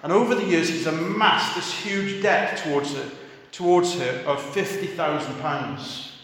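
A man preaching a sermon, telling a story and acting out the quoted voices softly. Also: on the high side, measured pace. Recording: echoey hall.

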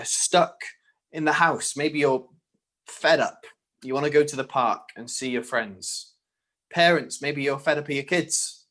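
Earnest male preacher asking questions. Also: a little high. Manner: earnest, rhetorical questions to listeners. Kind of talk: sermon.

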